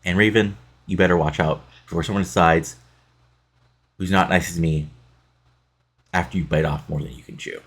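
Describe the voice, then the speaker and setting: A man's voice: deep voice, fairly even intonation, normal speed, pauses often, a bit bright, breathy edge, exaggerated voice. A man reading out the lines of an arrogant male wrestler sneering at bikers. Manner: sneering, read aloud plainly.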